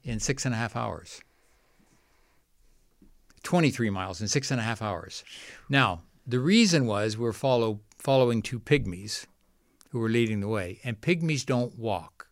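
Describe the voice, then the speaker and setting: A man's voice: medium pitch, expressive, a little slow, long pauses, dry recording, studio quality. A middle-aged man telling a long story as a guest in a podcast interview, often quoting others. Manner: rambling anecdotal storytelling, quotes others. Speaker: guest, founder of a water nonprofit.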